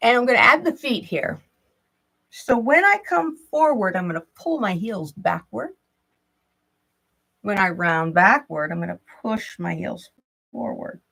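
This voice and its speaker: A woman leading a yoga and movement class, calmly cueing breath and stretches with the odd soft laugh. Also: mid-range voice, unhurried, gravelly, pauses often, breathy edge, low-quality recording. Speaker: yoga instructor. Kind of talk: guided movement instruction.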